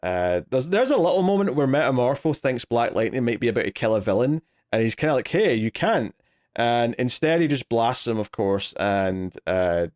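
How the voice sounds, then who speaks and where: A man's voice: lowish voice, a little mellow. Man recapping comics in casual chat. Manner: rambling, hesitant, lots of fillers and restarts. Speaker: podcast co-host. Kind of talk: casual comic book discussion.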